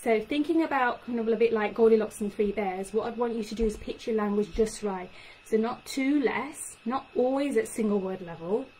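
A young woman, a speech and language therapist explaining tips to parents in an animated way. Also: fairly high pitch, moderate pace, rough recording. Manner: animated, acts out child-directed phrases. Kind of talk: talk to parents. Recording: faint background noise.

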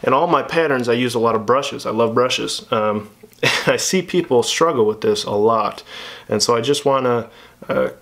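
A man of ordinary pitch talks through tying a fly step by step. His delivery is loose and conversational, full of "uh" and "um" and small restarts, like a teacher at his bench. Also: moderate pace. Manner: relaxed, chatty, many fillers and restarts. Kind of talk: casual tutorial narration.

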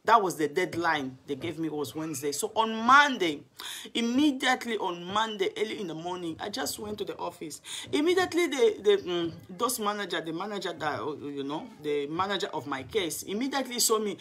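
A woman's voice: lowish voice, lively intonation, a little fast, fairly bright tone, breathy edge. A woman evangelist telling her personal testimony, earnest and emotional, often restarting her sentences. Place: home in London.

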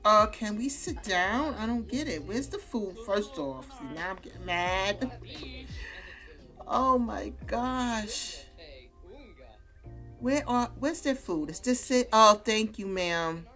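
A woman's voice: medium pitch, lively intonation, takes it slowly, fairly bright tone, soft background music. A woman giving casual, chatty let's-play commentary, laughing often and talking to her characters. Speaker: gaming YouTuber.

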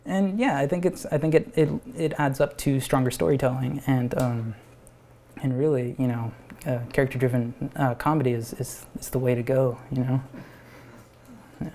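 A man, an animator pitching his own cartoon at a live event, talking in a rambling, animated way with frequent restarts and laughs. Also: moderate pace. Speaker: animator and show creator.

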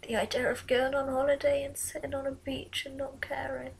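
A young woman in a confessional vlog, talking in a soft, halting whisper at night in her bedroom. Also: high-pitched, little pitch movement, vocal fry, a little hiss or hum, low-quality recording. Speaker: vlogger.

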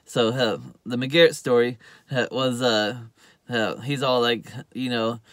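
A man recapping a TV episode in a casual, rambling way. He fills his speech with "uh" and "you know" and acts out quoted lines louder and higher. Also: fairly even intonation, measured pace, dry recording. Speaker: TV show reviewer.

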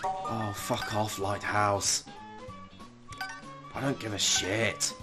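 A man's voice: fairly low pitch, level tone, extremely slow, over music. A man putting on the voice of a foul-mouthed, furious celebrity chef, swearing and sighing while commenting on a game. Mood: weary. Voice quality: constant swearing, exasperated sighs. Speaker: gamer doing a parody voice. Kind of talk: comedic gameplay commentary.

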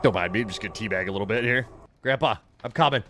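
A man giving casual, jokey commentary while playing a horror game, getting excited and shouting at teammates. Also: lowish voice, racing, noisy background. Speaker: gamer.

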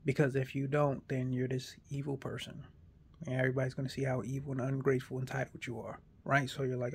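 A man in a casual monologue, arguing a point in an animated way and acting out imagined back-and-forth dialogue. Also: mid-range voice, quick pace, creaky, breathy edge.

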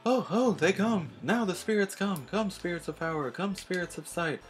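A man's voice: sits high, lively intonation, normal speed, soft background music, voice pushed up. A man putting on a melodramatic ghostly fortune teller lady. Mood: dramatic. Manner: melodramatic, incantatory. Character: theatrical female ghost fortune teller, grandiose.

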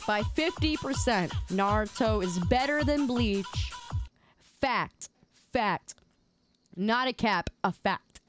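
A young adult woman streamer chatting casually on a live stream, playful and excitable, quick to laugh. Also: on the high side, soft background music. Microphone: desk microphone.

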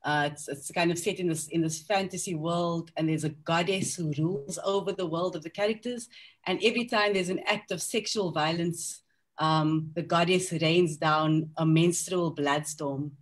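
A woman's voice: on the low side, steady tone, normal speed. A woman author on a panel discussion, speaking candidly and reflectively about her novel, with frequent ums and restarts. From South Africa.

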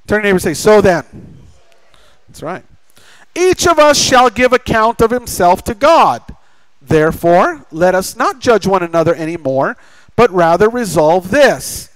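American male pastor, very high pitch, smooth clear voice, dry close sound, animated sermon. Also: dry recording, poor audio. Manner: animated preaching, acting out quoted voices.

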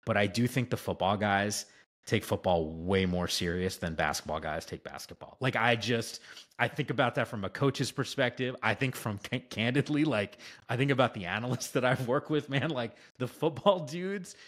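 A man's voice: mid-range voice, moderate pace, fairly bright tone. A man, a sports broadcaster, tells stories as a podcast guest in an enthusiastic, rambling way, full of "like" and "right?". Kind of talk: casual podcast storytelling.

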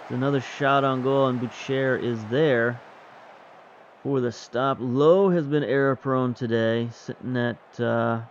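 Male gaming host, relaxed play-by-play, dry humor; muffled home recording. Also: medium pitch, unhurried, a little hiss or hum. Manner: wry, chatty, self-mocking. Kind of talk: casual play-by-play game commentary.

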